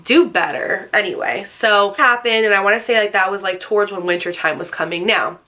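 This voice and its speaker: A woman's voice: medium pitch, fairly quick. Chatty young woman telling a story. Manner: chatty, heavy use of "like", animated asides to viewers. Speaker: YouTube storyteller. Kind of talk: casual storytime vlog.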